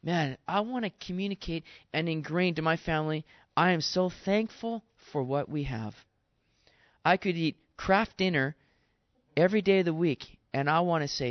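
A man's voice: a little high, moderate pace, no room sound. A man preaching a sermon in an earnest, exhorting way, talking straight to his listeners. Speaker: pastor. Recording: dull dry sound.

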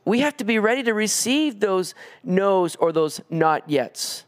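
A man preaching an expository sermon, earnest, climbing higher when he presses a point. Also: animated, unhurried, clean tone. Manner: earnest preaching, rising in pitch on emphatic pleas. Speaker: pastor.

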